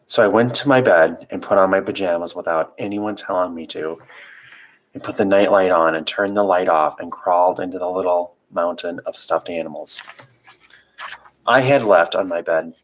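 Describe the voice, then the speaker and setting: A man with a deep, low voice reads a children's novel aloud. His first-person narration is calm and steady. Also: rough recording. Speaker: reader.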